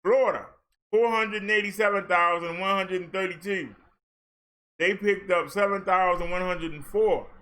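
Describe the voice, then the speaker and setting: Male vlogger, high voice, sarcastic ranting commentary. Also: sharp tone. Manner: sarcastic, talks back at the figures he reads. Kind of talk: ranting commentary over case numbers.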